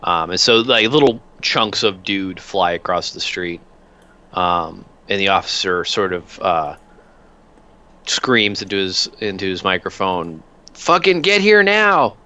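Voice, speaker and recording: A man narrating a tabletop game as game master, relaxed and full of filler sounds. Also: low voice, a little slow, muffled recording.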